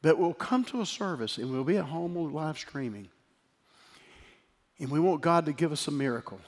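A middle-aged man preaching a sermon as pastor, emphatic, swinging from loud declarations to quiet storytelling. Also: a little high, animated, moderate pace. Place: church sanctuary. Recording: long hall reverb with faint music.

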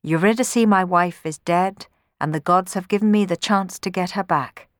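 Woman reading earnest young male hero, pleading, lowish voice, dry sound. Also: normal speed, no room sound, close to an everyday voice. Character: brave determined young male musician hero. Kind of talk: storybook reading.

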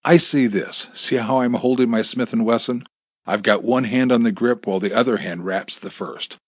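A man voicing a cool, measured gunman. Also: mid-range voice, dry recording, studio quality, natural voice. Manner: measured, precise. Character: calm armed eccentric man, measured, observant.

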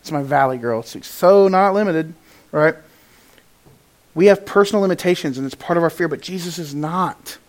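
A man with a high-pitched voice preaching a sermon. He swings from loud, emphatic stretches to hushed, quiet ones and acts out the words he quotes in an animated way. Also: fast talker, hardly any pauses. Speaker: pastor.

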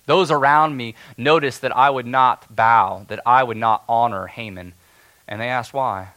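Man performing steadfast defiant elder, first-person biblical monologue, earnest, loud declarations, hushed lows, mid pitch. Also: measured pace. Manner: earnest, stirring, swings between loud declarations and hushed tension.

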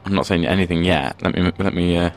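A man with a very low voice co-hosts a comedy radio show. He muses hesitantly and deadpan, restarting his sentences as he goes. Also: quick pace. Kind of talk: comic banter on a radio show.

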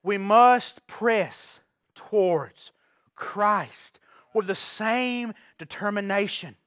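A man preaching a sermon to his church, telling stories with big swings from quiet asides to shouts. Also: sits high, no echo, clean studio sound. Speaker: pastor.

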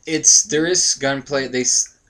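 A young man in a middle-pitched voice chats about games as a podcast co-host. He rambles and jokes in a loose, animated way. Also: unhurried, rough recording. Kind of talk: casual gaming podcast chat. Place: home bedroom.

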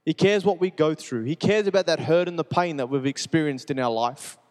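A man preaches with an earnest, repetitive cadence, now quiet and gentle, now pressing and urgent. His voice sits a little high for a man. The sound rings with the long reverb of a large church hall. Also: brisk. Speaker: pastor. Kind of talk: sermon with personal testimony.

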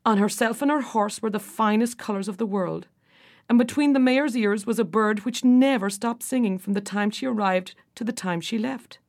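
A woman's voice: fairly high pitch, moderate pace, a little mellow, lightly acted. A woman doing jealous complaining older sisters. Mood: aggrieved. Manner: complaining and indignant.

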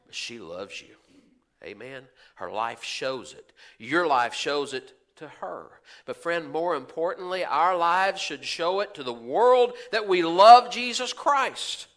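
A male pastor preaches a folksy sermon, posing questions to the congregation and acting out the voices of churchgoers. His voice is high-pitched, pushed and bright.

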